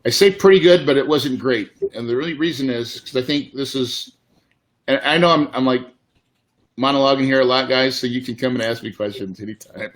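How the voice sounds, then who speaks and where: A man's voice: mid-range voice, fairly even intonation, brisk, fairly bright tone. Emotional man telling a candid story. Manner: casual, emotional, says dude and man often. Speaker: real estate investor and guest.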